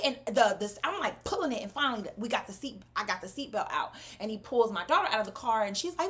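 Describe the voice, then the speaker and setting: A woman's voice: a little high, sing-song, quick pace, hardly any pauses, noisy background. A woman, casually telling viewers a story on a livestream, emphatic and swearing freely. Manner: addresses viewers as "y'all" and "baby". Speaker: cosmetics brand owner livestreaming.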